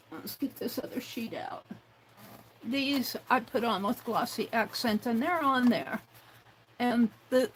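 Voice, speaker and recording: A woman's voice: high-pitched, a little hiss or hum, rough recording. A woman hosting a craft livestream, musing aloud as she works and now and then talking to herself in the third person. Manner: unhurried, musing aloud while working with hands. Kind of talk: casual craft demonstration.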